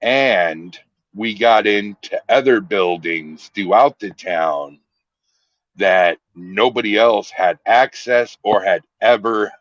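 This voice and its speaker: A man's voice: fairly low pitch, takes it slowly, no room sound. A man chatting casually on a podcast as the guest, telling stories in a laid-back way. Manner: storytelling, laid-back drawl. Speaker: guest, paranormal team founder. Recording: dull lo-fi dry sound.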